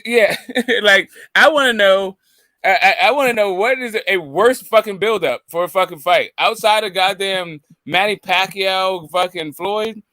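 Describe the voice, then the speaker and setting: A man with a fairly high voice commenting on boxing in a wry, fed-up tone full of sarcasm. The recording is dry and close. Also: a little slow, pushed and bright, no echo. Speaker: boxing podcast panelist. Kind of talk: casual commentary.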